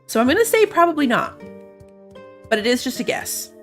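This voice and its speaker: A woman's voice: sits high, big pitch swings, a little fast, a bit bright, faint music behind. A woman giving casual commentary on a game she is playing, chatty and playful as she thinks aloud. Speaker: gamer.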